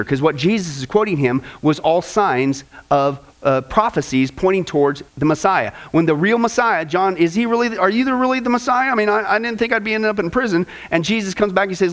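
A pastor preaches a sermon through animated storytelling, acting out the voices of the people in his stories. His voice sits high, and he talks fast with few pauses.

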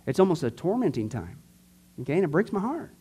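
A man teaching a church discipleship class, earnest and conversational, swinging from emphatic to quiet. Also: fairly high pitch, very animated, fast, breathy edge.

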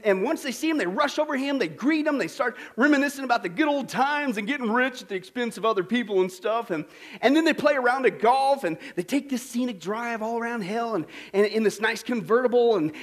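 A male pastor preaching a sermon, telling a joke with laughs and quizzing the congregation with questions. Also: extremely high pitch. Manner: lively, laughing storyteller, asks the crowd questions.

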